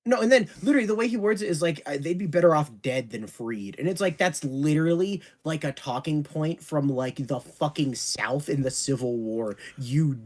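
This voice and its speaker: A man's voice: a little high, animated, normal speed, few pauses, darkish tone. A man co-hosting a casual podcast, ranting sarcastically and swearing in exasperation. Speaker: podcast co-host.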